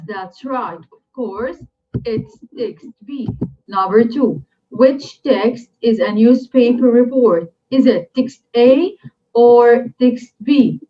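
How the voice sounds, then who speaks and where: Slow, deliberate woman teaching vocabulary. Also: on the high side. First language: Arabic. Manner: slow and deliberate, repeats each vocabulary word three times for drilling. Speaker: English teacher. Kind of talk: recorded classroom lesson. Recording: dull lo-fi recording.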